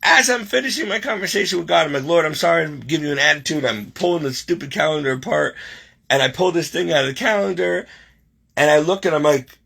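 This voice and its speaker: A man telling a personal faith story in a casual way, animated and emotional, choking up and tearing up as he reads aloud, on a webcam. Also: fairly high pitch, fast, vocal fry, slightly rough. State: teary. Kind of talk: personal testimony, casual talk.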